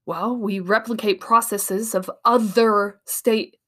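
Animated motivational woman speaker. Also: medium pitch, slow. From Iowa, USA. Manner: animated, emphatic, acts out quoted voices. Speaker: speaker and coach. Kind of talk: motivational talk.

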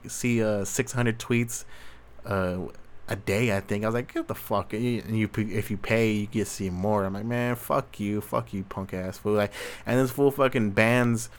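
Clear and resonant, the lowish voice belongs to a young adult man from Southern California hosting a solo Q&A. His casual rant monologue meanders, heavy on profanity and slang.

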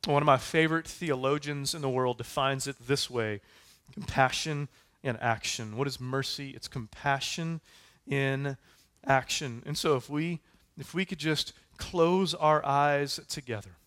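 A man's voice: medium pitch, unhurried, a bit bright. A man preaching a sermon in a conversational way, with casual fillers and asides. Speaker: pastor.

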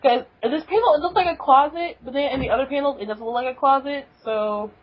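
A woman's voice: sits high, quick pace, dull audio. A woman co-hosting a podcast, recapping a manga chapter in a giggly, enthusiastic casual way. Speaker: podcast co-host.

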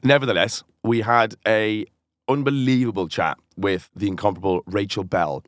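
A man's voice: on the low side, fairly even intonation, normal speed, dry recording, studio quality. A man co-hosting a podcast in casual, teasing banter. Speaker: podcast co-host. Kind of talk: casual chat.

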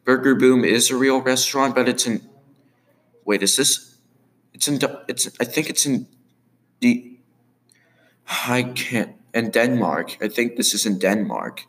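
A man casually commenting on his own animated series, rambling with many fillers. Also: mid-range voice, measured pace, pauses often.

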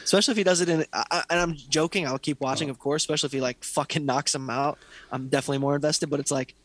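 Sarcastic podcast guy, cussing a lot, slightly high voice, dry close sound. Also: steady tone, very fast, a bit bright, dry recording. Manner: sarcastic, mocking impressions of fighters. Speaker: podcast co-host. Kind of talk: casual profane chat.

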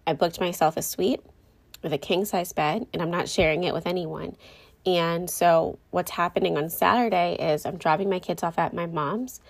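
A woman's voice: fairly low pitch, normal speed, gravelly. A young woman, a mom, talking candidly and rambling a little to her viewers, often correcting herself mid-sentence. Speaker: mom vlogger. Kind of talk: casual talk to camera.

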